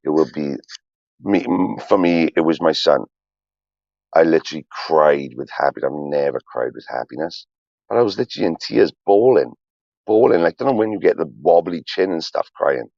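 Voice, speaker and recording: A man's voice: rumbling low, normal speed, gravelly, a little mellow, no echo, lo-fi sound. A man in his forties, a streamer, rambling on a livestream in a profane, emotional, confessional way.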